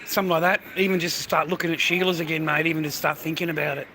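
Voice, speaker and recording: A middle-aged Australian man livestreams casually, holding his phone as he talks to it and addresses the viewer directly. His voice sits on the high side and stays steady, and he rambles very fast in a loose, profane way over a noisy background.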